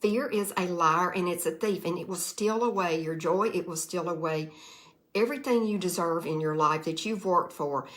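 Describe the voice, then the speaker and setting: A woman's voice: fairly low pitch, normal speed, fairly bright tone. A middle-aged woman from the Mississippi Delta with a Southern accent, speaking earnestly to camera in a folksy, heartfelt way, often repeating herself. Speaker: direct sales vlogger. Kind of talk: emotional testimonial to camera.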